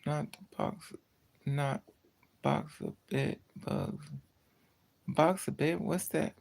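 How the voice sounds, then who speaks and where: Casual livestream host: gravelly, profane and blunt, worn-out delivery that trails off. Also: medium pitch, very animated, slow, darkish tone. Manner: tired, drifting, trails off. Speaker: livestreamer talking to chat.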